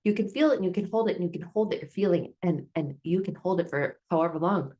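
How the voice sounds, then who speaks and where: A woman's voice: on the low side, fast, dark tone. A woman self-help speaker giving a motivational talk, storytelling with repeated, building phrases. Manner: storytelling with repetitive build-ups.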